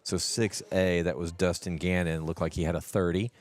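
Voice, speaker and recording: A man's voice: low voice, level tone, normal speed. A man commentating an archery shoot on a livestream in a teasing, playful way. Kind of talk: casual livestream sport commentary.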